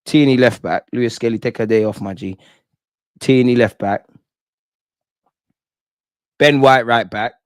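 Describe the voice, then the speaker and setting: A young man hosting a live football reaction stream, excitable and slangy, swearing and reading chat aloud. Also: medium pitch, a little slow, long pauses, clear, resonant tone, dry recording, clean studio sound. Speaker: football fan channel host.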